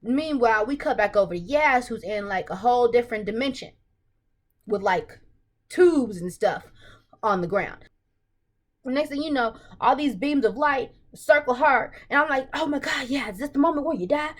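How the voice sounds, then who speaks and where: Excited woman recapping a TV episode. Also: on the high side, moderate pace. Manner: excited, animated retelling with acted-out reactions. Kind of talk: casual recap vlog.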